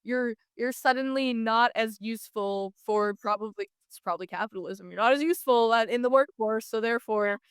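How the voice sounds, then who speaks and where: Young woman, podcast host, chatty, animated, slightly high voice, dry close sound. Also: a little fast, few pauses, clean tone, dry recording. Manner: chatty, many fillers and restarts, animated storytelling. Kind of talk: casual podcast conversation.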